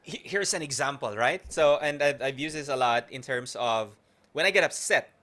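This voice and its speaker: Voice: mid-range voice, moderate pace. A host asking questions in an interview, conversational and often checking in with the listener. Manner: lively, conversational, frequent "okay" checks.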